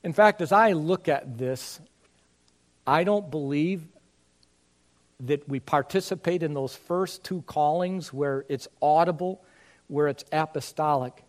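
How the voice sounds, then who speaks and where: A pastor preaching a sermon, reading scripture aloud and explaining it verse by verse, building to fervent emphasis with rhetorical questions. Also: male voice, fairly high pitch, measured pace.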